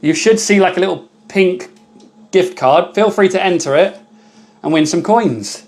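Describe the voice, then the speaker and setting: A man's voice: high voice, a little slow, a little mellow. A British man hosting a casual live stream from his workshop, chatty and upbeat, thanking viewers by name. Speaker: livestream host.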